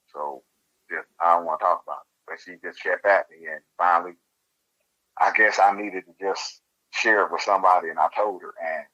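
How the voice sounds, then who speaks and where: Deep-voiced man, lo-fi line. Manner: animated, laughs while telling the story. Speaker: interview guest. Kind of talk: casual storytelling.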